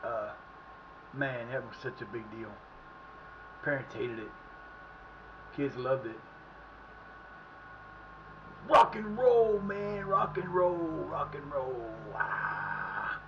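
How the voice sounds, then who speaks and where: A middle-aged man streaming live and chatting casually as he plays, excitable and profane, often yelling at the action. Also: medium pitch, takes it slowly, long pauses, dull audio, background noise. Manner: excitable, profane, shouts at the play. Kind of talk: casual live commentary while playing.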